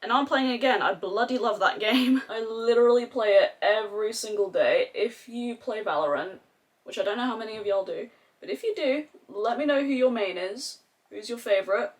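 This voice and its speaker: A woman's voice: on the high side, a little fast. A young Australian woman chatting casually and animatedly through a makeup tutorial, with slangy, sweary asides. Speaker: beauty vlogger.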